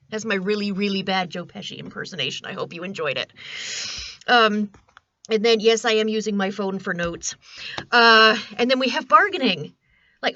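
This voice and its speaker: A chatty woman in her forties talks straight to camera from her small home studio, rambling and poking fun at herself. Her voice is bright and fairly high. The sound is dry and slightly muffled. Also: moderate pace, no room sound. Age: 40s. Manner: chatty, rambling, self-deprecating. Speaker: vlogger. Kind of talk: casual talk to camera.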